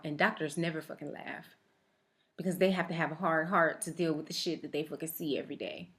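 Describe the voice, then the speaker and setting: A woman's voice: low-pitched, steady tone. A woman vlogger telling a story in a casual, joking way, full of swearing. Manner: profane, joking, fast-talking.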